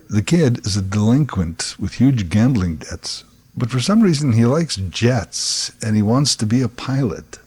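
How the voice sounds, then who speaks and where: Husky guy doing a sarcastic comic monologue, faint music underneath. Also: medium pitch, darkish tone. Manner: wry, sarcastic storytelling with sound effects. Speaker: podcast host.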